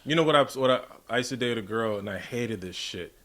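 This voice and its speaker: A man's voice: medium pitch, animated, fast, a bit bright. A man co-hosting a casual podcast. He asks pointed questions and talks in a direct, profane way. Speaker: podcast co-host.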